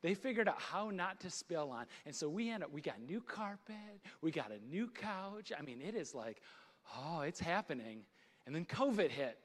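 High-voiced man preaching in a reverberant hall. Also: sing-song, normal speed, hardly any pauses. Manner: storytelling with laughs and self-deprecating asides. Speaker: pastor. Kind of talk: sermon.

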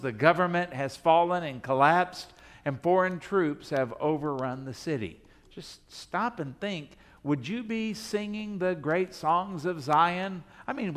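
A male pastor preaching a sermon in a conversational way, asking the congregation rhetorical questions and speaking in the imagined voices of the people. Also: on the high side.

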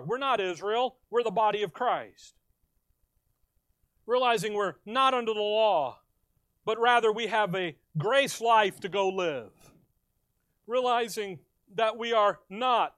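A man's voice: high-pitched, fairly bright tone, dry recording. A man preaching a sermon, reading scripture aloud and firing questions at the congregation before answering them himself. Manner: reads scripture aloud in slow stressed phrases. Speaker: pastor.

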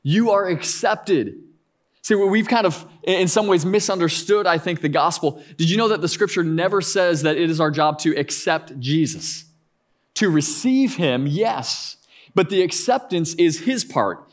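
A man's voice: on the high side, lively intonation, normal speed. A man in his thirties, a pastor preaching a conversational sermon with frequent asides and restarts.

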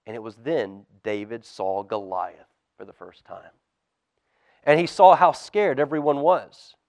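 A man, a pastor, reading a storybook aloud to children at a church service, animated and dropping to a hush for suspense. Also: mid-range voice, a little slow, no room sound, studio quality.

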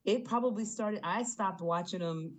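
A woman's voice: medium pitch, moderate pace. A woman co-hosting a podcast in casual chat, blunt and full of questions. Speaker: podcast co-host.

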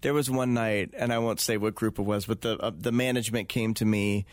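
A man's voice: lowish voice, fairly even intonation, fairly quick, dry recording. A man speaking as an interview guest, talking earnestly and reflectively with many fillers and restarts. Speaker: guest, touring event host. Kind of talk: casual interview conversation.

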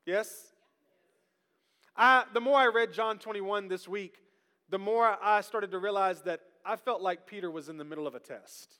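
A high, bright male voice with a drawl, preaching to his congregation. He keeps things lively and pulls the room into call-and-response. His voice rings out with a long reverb that fills the large church hall. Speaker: pastor. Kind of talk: sermon. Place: church sanctuary.

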